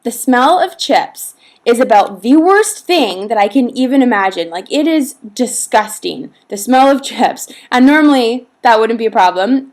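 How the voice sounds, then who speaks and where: A young pregnant woman from Canada chatting casually to the camera in a vlog, rambling with lots of fillers and frequent laughs. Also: medium pitch. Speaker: vlogger.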